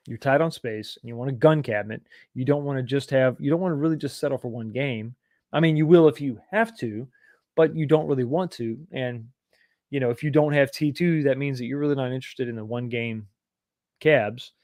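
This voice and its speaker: A man's voice: mid-range voice, a little mellow, no echo. Rambling man, dry sound. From East Texas. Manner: rambling, reads viewer comments aloud and answers them. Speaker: livestream host. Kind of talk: casual livestream chat.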